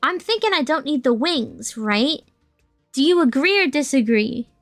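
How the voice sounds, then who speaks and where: A high-voiced, playful VTuber chats through a casual gaming livestream, swearing and reading and answering her chat. She's expressive, speaks at a normal speed with a slightly bright tone, and there's no room sound, just her dry voice over faint game music.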